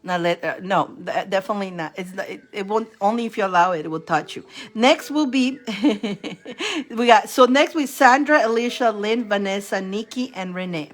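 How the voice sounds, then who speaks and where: A woman's voice: medium pitch, lively intonation, normal speed. A woman on a livestream giving tarot readings, chatting casually and often breaking into fits of laughter. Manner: chatty, rambling with restarts.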